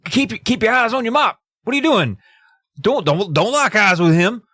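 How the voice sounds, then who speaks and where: A man doing a jittery, high-pitched old convict. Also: expressive, normal speed, bright, forceful tone, dry recording, clean studio sound, full character voice. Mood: alarmed. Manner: urgent, repeated warnings. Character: anxious older male convict warning a friend.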